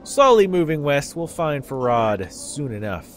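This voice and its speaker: Man, casual gameplay commentary, wry and chatty, very lively pitch. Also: unhurried, soft background music. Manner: chatty, wry, thinks aloud. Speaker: let's play commentator.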